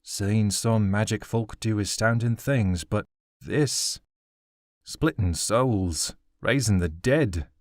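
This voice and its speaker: A man voicing an excitable, awestruck guardsman who speaks slowly and emphatically. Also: fairly low pitch, no echo, studio quality. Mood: awed.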